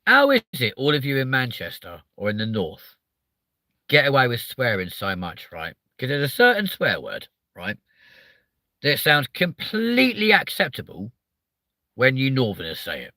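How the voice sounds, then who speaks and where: A man's voice: mid-range voice, huge pitch swings, moderate pace, sharp tone, dry recording. A man with a southern English accent hosting a live stream, chatting casually, swearing a lot and sounding hyper as he reads out viewer comments. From southern England.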